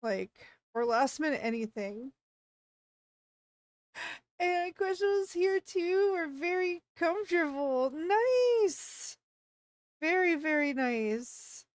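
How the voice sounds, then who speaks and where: High voiced streamer lady, kinda frazzled and panicky, dry close sound. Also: slow pace, no room sound. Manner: flustered and panicky, apologizing, breaking into excited greetings. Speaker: VTuber streamer. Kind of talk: casual livestream chat.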